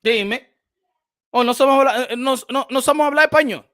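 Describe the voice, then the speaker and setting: A man hosting a boxing channel gives animated livestream commentary, switching between English and Spanish and repeating phrases for emphasis. His voice is extremely high-pitched and fast, captured in a dry, studio-quality recording.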